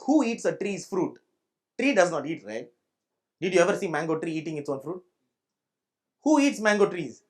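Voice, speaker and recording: Emphatic pastor with Indian English accent. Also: male voice, high-pitched. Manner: emphatic, repeats points and checks the audience understands. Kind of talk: preaching a sermon. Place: church.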